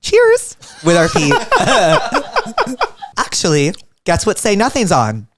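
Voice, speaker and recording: A man hosting a podcast, asking quick playful questions and swearing casually in a chat. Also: high voice, wildly swooping pitch, very noisy. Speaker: podcast host.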